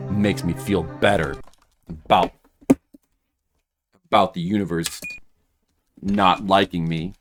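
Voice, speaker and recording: A man's voice: low voice, fairly even intonation, slow pace, long pauses, soft background music. A man streaming a game, rambling casually to his chat and now and then putting on a mock rage. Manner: rambling, chats with viewers, bursts into mock rage.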